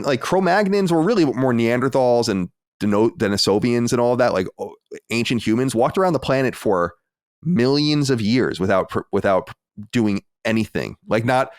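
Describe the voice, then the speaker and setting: A man with a somewhat low voice muses out loud on a podcast, wandering through trailing asides. He is recorded on a close, dry mic with no room echo. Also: clear, resonant tone. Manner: musing, rambling, trailing asides. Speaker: podcast host. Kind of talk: casual podcast chat.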